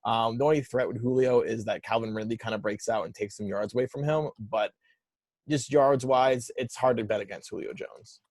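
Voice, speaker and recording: A man co-hosting a casual sports podcast, giving brisk, matter-of-fact analysis. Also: mid-range voice, fairly even intonation, darkish tone, no echo. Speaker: podcast co-host.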